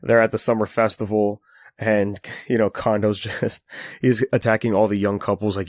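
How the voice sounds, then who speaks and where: Low-voiced man rambling through a recap. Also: flat delivery, fairly quick, no echo, studio quality. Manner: rambling retelling with acted quotes and fillers. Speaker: podcast co-host. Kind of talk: casual recap chat.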